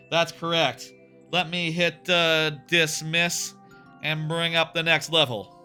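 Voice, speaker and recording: A man live-streaming a platform game, talking in a loose, candid way and swearing freely while he plays. His voice sits a little high for a man. Music plays clearly behind his voice. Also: little pitch movement, measured pace, sharp tone. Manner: candid, swears often, thinks aloud. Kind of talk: casual live-stream commentary while playing.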